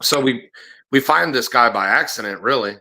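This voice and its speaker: This podcast host, a middle-aged ex-bounty hunter, tells profane stories casually and performs the voices of those he quotes. His pitch is medium and his pace normal, with a creaky, pushed, bright quality.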